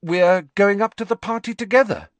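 A man voicing a brainy teenage schoolgirl who speaks with pointed sweetness, pitched well above his own voice. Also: moderate pace, no room sound, close to an everyday voice. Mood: sweetly smug. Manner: bright, pointedly sweet delivery.

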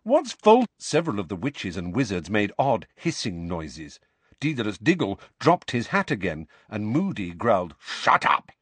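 Man narrating, audiobook, low pitch, lively, husky, dry close recording. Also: normal speed, no room sound. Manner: expressive storytelling. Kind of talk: scripted narration.

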